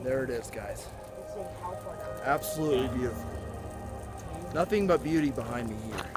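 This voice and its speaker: A man's voice: medium pitch, moderate pace, over loud music. Goofy young man vlogging on a hike. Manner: goofy, joking, excitable asides; walking and climbing while talking. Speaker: vlogger and root beer reviewer. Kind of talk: casual hiking vlog. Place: outdoor rocky mountain trail. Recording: outdoor phone video with wind noise.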